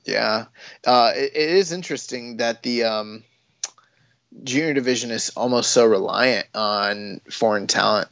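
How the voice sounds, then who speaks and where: A man's voice: medium pitch, measured pace, gravelly, a bit bright. A man chats casually about wrestling and rambles from one point to the next, with plenty of ums and you-knows. His recording sounds dull and muffled. The room is dry, with no echo at all. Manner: rambling, many fillers and restarts. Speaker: podcast co-host.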